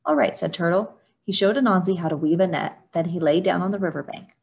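A woman reading a children's picture book aloud for storytime, in a steady storytelling manner. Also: on the low side, quick pace, vocal fry, lo-fi sound. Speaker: storytime reader.

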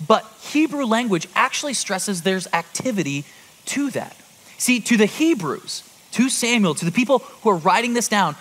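Animated high-voiced man preaching. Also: moderate pace. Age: 30s. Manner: lively, conversational preaching with rhetorical asides. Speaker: pastor. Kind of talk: sermon. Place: church auditorium before a congregation.

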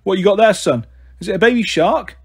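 Male narrator voicing a jokey middle-aged taxi driver, chatty, husky. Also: high-pitched, brisk, pitched above the performer's own voice.

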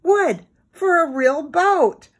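A woman voicing an eager young boy in a storybook read aloud, with a high, excited voice. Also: slow. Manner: high, excited, urgent calling.

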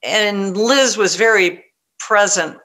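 A middle-aged woman novelist telling stories in a conversational interview, animated and full of restarts. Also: mid-range voice, takes it slowly. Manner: animated, frequent restarts, quotes others in lively voice. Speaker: novelist guest.

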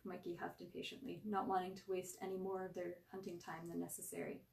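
A woman reading a short story aloud with lively, expressive narration. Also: on the low side, fairly quick, gravelly, few pauses, roomy sound, distant mic. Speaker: story reader.

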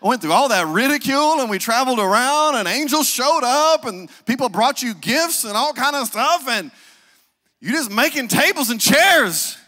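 A preacher voicing an impatient mother who pleads and exclaims with her grown son, pitched well above his own voice. The sound trails off in a long, reverberant sanctuary echo. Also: lively intonation, moderate pace, sharp tone, exaggerated voice. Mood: pleading.

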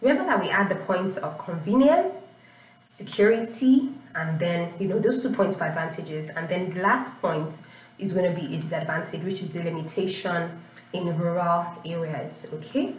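A woman's voice: fairly low pitch, normal speed. A woman teaching an IELTS writing lesson, patiently explaining and checking in with "you know" and "okay?". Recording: echoey room, voice a bit far from the mic.

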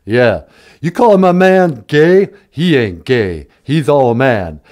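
A man doing an impression of a former first lady, talking loud, sassy and confrontational. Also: medium pitch, sing-song, slow, voice pushed down.

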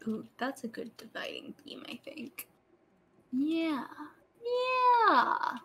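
A woman's voice: fairly high pitch, fairly even intonation, moderate pace, creaky, slightly rough, whispered. A woman chatting casually while playing a game, playful and teasing. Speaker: co-player. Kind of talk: casual gaming chat.

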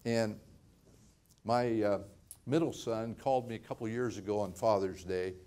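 A man's voice: on the low side, fairly even intonation, moderate pace, mellow, clean tone. An older man, a pastor, preaching a sermon in a conversational way, often repeating words and laughing lightly.

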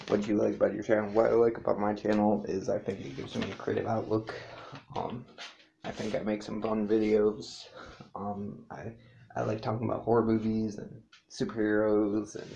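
A man talks through a casual vlog with a low, gravelly voice. He rambles and swears freely and keeps circling back to correct himself. The recording is dull and lo-fi. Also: dark tone, slight background noise. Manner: rambling, loose and profane, with many fillers and self-corrections. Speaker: YouTuber answering a tag questionnaire.

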